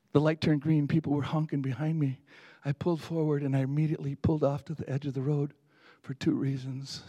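Guy preaching, pretty high voice, chatty storytelling that builds up, dry close sound. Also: mellow, dry recording. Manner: conversational storytelling that rises to emphatic peaks. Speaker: pastor. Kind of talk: sermon storytelling.

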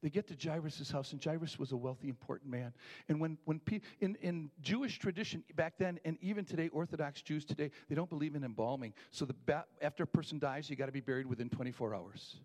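A middle-aged man preaching a sermon, telling a story with animated acted voices and hushed moments. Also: a little high, fast talker, few pauses. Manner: animated storytelling, acting out voices, dropping to near whispers. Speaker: pastor.

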